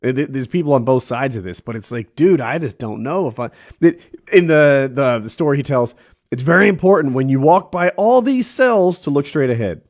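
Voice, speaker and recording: A man's voice: medium pitch, lively intonation, normal speed, a little mellow. A man co-hosting a podcast, telling stories in a rambling, casual way and laughing often. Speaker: podcast co-host. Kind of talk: casual chat.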